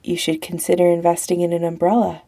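A woman voicing a gentle, wary young man speaking quietly to his partner. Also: lowish voice, little pitch movement, fast talker. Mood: gentle dry.

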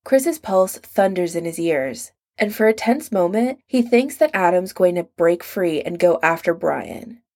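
A woman narrating a story in a measured storytelling manner. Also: on the low side, expressive, a little mellow. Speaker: audiobook narrator. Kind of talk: scripted narration.

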